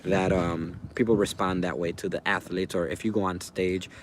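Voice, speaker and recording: A man's voice: sits low, steady tone, normal speed, background noise. A man hosting a livestream outdoors, rambling casually and answering viewers in chat by name. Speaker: livestream host. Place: outdoors by a fire.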